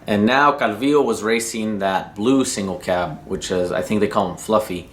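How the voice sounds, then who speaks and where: A man's voice: fairly low pitch, normal speed, a bit bright. A man from New Mexico casually telling a story about drag racing, slangy and rambling and cursing freely. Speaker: racing vlogger.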